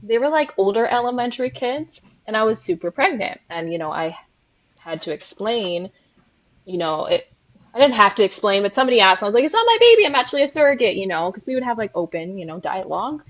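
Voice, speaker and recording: A woman telling a lively anecdote in a casual panel chat, full of fillers. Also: mid-range voice, fairly quick, dry recording, low-quality recording. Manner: chatty, animated anecdote-teller with many fillers. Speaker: experienced surrogate on a panel.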